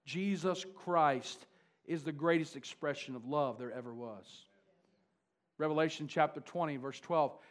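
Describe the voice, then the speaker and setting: A preacher man with a somewhat high voice. He leans hard on emphasis, repeating words over and over to hammer his point home in full sermon delivery. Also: a little slow. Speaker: pastor.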